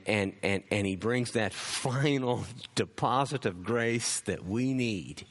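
A man preaching a sermon in an earnest way, often repeating words as he builds a point. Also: medium pitch.

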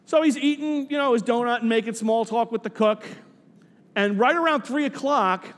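High-voiced man telling a story. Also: moderate pace, big-room sound. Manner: animated storyteller, voicing characters, repeating words.

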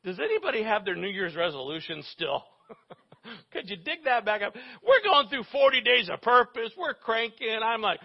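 A male pastor delivers a sermon in a relaxed, conversational way, tossing jokes and questions to his congregation. His voice sits fairly high for a man. The recording is dull and muffled. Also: normal speed. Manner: conversational, joking asides to the congregation.

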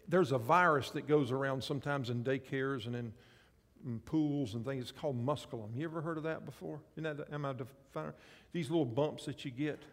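A male pastor preaching a sermon, animated, swinging between loud passages and soft ones. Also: mid-range voice, in a large hall.

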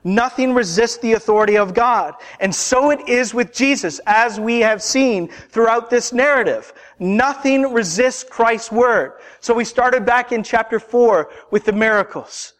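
Slow, high-voiced male preacher. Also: fairly bright tone, big-room sound. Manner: deliberate, emphatic preaching with rhetorical questions. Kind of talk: sermon.

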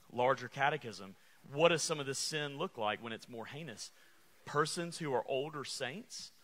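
A man's voice: mid-range voice, bright, forceful tone. A man preaching a sermon, calling out to the congregation and repeating refrains. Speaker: pastor.

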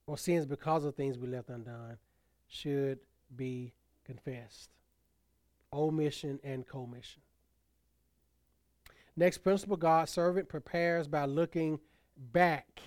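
A male pastor preaching a sermon, building to emphatic peaks and letting phrase endings fall soft and low. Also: dry recording, studio quality.

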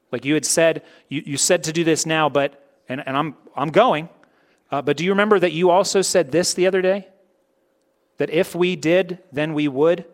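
A man preaching a sermon in a conversational way, swinging between emphatic, louder points and soft, low asides. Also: moderate pace. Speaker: pastor.

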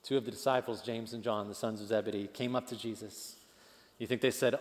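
A man preaching a sermon as pastor, animated and leading the congregation in call-and-response. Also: mid-range voice, brisk. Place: church. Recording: long church hall reverb.

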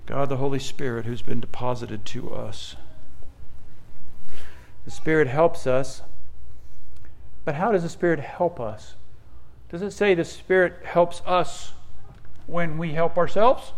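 A man's voice: slow pace, vocal fry, pauses often. A middle-aged man preaching a sermon as a pastor, mixing conversational personal stories with fervent, rising emphasis. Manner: rises to fervent, high-pitched emphasis at key points.

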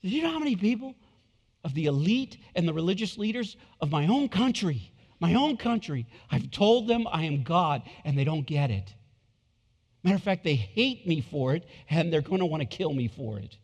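Preacher voicing Jesus: gentle, marveling man, high voice, long church-hall echo. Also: very animated, normal speed. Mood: tender. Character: Jesus, a gentle man amazed at a humble woman.

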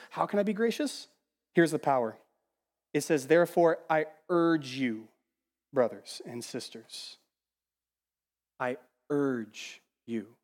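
A man preaching a sermon as pastor, animated, sometimes mimicking the voices he quotes and dropping to a hush. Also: sits high, long reverb tail. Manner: animated, acts out quoted voices, swings from loud to hushed. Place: church sanctuary.

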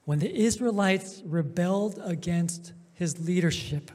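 A man preaching a sermon as pastor, emphatic, with drawn-out pauses and swings between loud and soft. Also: sits high. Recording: long hall reverb.

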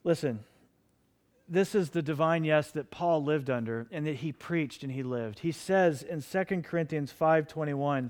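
A man's voice: a little high, normal speed, darkish tone. A middle-aged man preaching a sermon as pastor, impassioned and pleading with his listeners.

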